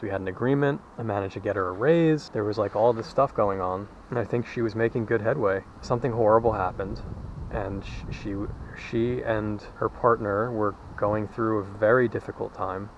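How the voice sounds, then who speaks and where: Out on a walk outdoors, a man vlogs in a casual, candid monologue, rambling and swearing freely. His voice is on the low side, the highs are cut off, and there's slight background noise.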